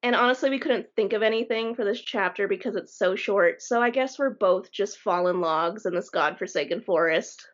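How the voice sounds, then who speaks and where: A woman's voice: medium pitch, moderate pace, hardly any pauses. A young woman co-hosting a podcast, chatting casually and laughing as she tells stories. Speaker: podcast co-host. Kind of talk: casual chat. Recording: dull lo-fi podcast mic.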